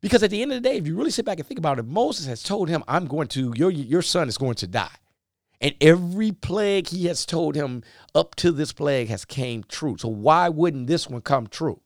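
Preaching a sermon in a folksy, animated style, a man with a fairly high voice speaks briskly and acts out the dialogue of biblical figures as he explains scripture. The recording is dry, with clean studio sound.

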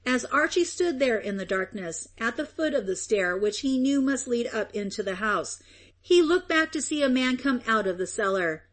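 A woman narrates a story aloud in a measured, expressive reading. Her voice sits a little higher than most women's. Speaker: audiobook narrator. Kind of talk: scripted narration.

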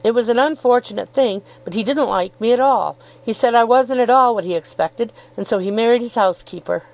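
A woman reads the part of a good-humoured young law student in an audiobook, chuckling and making fun of herself cheerfully. She pitches on the high side, above her own voice, yet stays close to everyday speech, brisk and a little mellow, on a low-quality recording.

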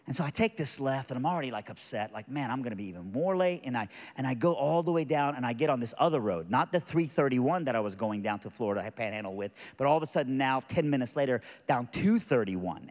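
A middle-aged man preaching a sermon as a personal story, animated and stumbling over restarts as he builds excitement. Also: medium pitch. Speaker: pastor. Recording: long hall reverb.

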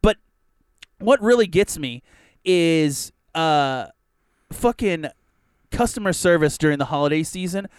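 Profane, animated man telling stories. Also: on the high side, unhurried, long pauses, smooth, no room sound, clean studio sound. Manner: profane, rambling, lively. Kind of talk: casual comedic storytelling.

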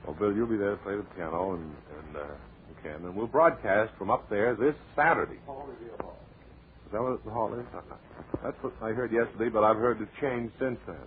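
A man hosting a comedy radio show in a deadpan, rambling, mock-serious way, heard on a tinny old radio recording with light hiss. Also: fairly low pitch, moderate pace. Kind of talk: deadpan comic radio patter.

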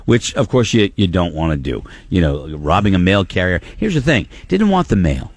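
A man's voice: low voice, very animated, moderate pace, dry recording. A man hosting a radio show in casual banter, rambling and joking, often trailing off and restarting.

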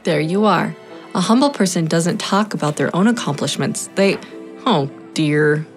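A woman's voice: fairly low pitch, expressive, moderate pace, soft background music, close to an everyday voice. A woman playing a kind, encouraging grade-school teacher in a children's audio drama. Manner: warm, encouraging.

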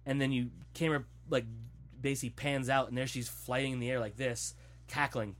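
Man swearing through an animated retelling. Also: medium pitch, fairly quick. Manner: animated, profane storytelling. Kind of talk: casual chat.

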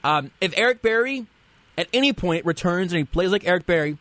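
A man's voice: high voice, lively intonation, brisk, a bit bright, dry recording. A man hosting a sports talk show, chatting casually and reading out listener comments. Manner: rambling, conversational, reads listener comments aloud. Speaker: sports radio host.

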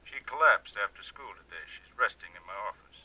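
A firm, patient country doctor in a 1970s TV drama. He talks in a measured, insistent way, quick and bright, with a fairly low pitch. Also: animated. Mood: guarded. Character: calm, firm small-town male doctor.

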